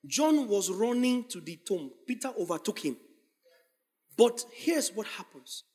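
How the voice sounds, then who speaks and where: A man preaching a sermon, acting out scripture scenes and building up to shouted lines. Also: high voice, big pitch swings, measured pace, slightly rough. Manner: dramatic, acts out scripture voices, builds to shouting. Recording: long hall reverb.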